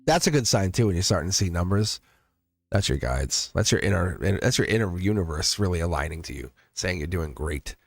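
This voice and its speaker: A man's voice: low-pitched, big pitch swings, brisk, vocal fry, no room sound. A middle-aged man reading tarot on a live stream, chatty and playful, laughing often and talking straight to his viewers. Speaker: tarot reader.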